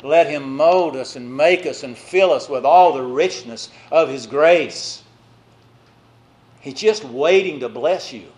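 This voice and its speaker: A man preaching a sermon in a voice that sits a little high for a man. He presses his points hard, then drops to quiet, slow phrases. Now and then he turns to chatty asides to the congregation. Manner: emphatic, swinging from loud exhortation to quiet, drawn-out phrases.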